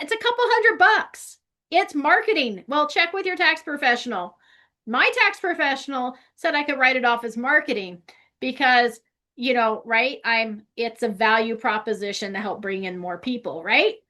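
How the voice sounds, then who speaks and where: Woman, high bright voice, chatty, lots of "right?" and "like", casual training talk. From California. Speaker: real estate trainer.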